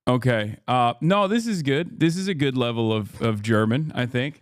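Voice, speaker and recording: A man hosts a live stream in a loose, rambling way, full of "uh"s and restarts. His voice is smooth and resonant at a middle pitch. It is recorded dry and close, with no room sound. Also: lively intonation, normal speed, no echo. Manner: rambling, many fillers and restarts. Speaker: streamer host. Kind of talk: casual live-stream interview.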